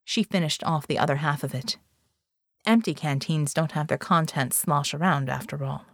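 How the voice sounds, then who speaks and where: Low-voiced woman reading an audiobook. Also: normal speed, dry recording, clean studio sound. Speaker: audiobook narrator. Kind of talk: scripted narration.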